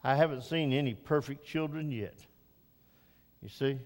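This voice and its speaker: In a large hall, an older man preaches a Father's Day sermon, climbing to loud, high, emphatic peaks before dropping into soft, slow reflection.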